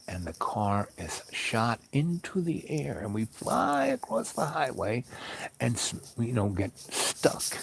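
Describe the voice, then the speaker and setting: A man host telling a personal story in a calm, wry, rambling way with many fillers. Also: fairly low pitch, a little hiss or hum. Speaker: podcast host.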